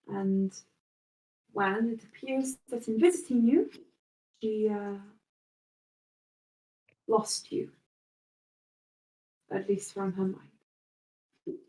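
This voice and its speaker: A woman runs a tabletop game as its game master, narrating in a relaxed way with frequent fillers. Her voice sounds roomy and comes from some distance away from the mic. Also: mid-range voice.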